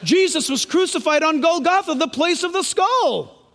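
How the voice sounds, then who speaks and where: A man's voice: very high voice, lively intonation, normal speed, a bit bright. A man preaching a sermon as pastor, emphatic and questioning the congregation. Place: church sanctuary. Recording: long hall reverb.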